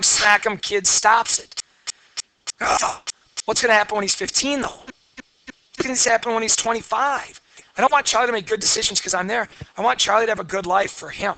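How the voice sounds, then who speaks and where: A man's voice: high voice, sharp tone, no room sound. A man, lecturing a class and telling candid, blunt personal stories. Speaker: teacher.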